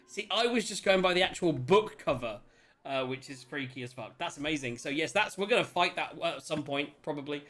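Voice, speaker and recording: A man hosting a tabletop role-playing stream, chatting excitedly and rambling with many restarts. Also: a little high, fairly quick. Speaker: host and player character. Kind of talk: casual chat opening a tabletop game stream.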